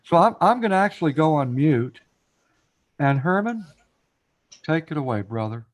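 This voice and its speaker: Very animated and fairly high in pitch, this man speaks at a moderate pace while running an easygoing live stream panel. He urges guests to come up, often repeats himself, and speaks straight to the chat.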